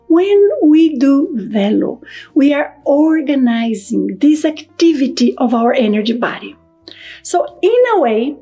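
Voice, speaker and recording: A woman who authored a book, calmly and methodically explaining an energy technique step by step, like a teacher. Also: fairly high pitch, husky.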